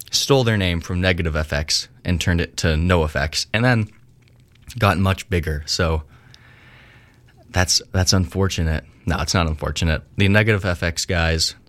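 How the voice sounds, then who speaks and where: A young man with a very low voice hosts a radio show and talks between songs. His chat is loose and rambling, with restarts and a slightly slurred edge to his words. He sounds casual and unscripted. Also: a bit bright. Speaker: radio host.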